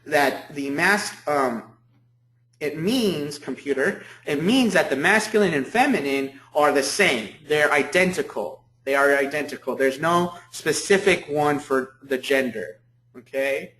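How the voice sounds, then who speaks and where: A man's voice: a little high, lively intonation, measured pace, a bit bright. A man giving a university lecture as professor, repeating key points and checking in with "okay?" often. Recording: echoey room.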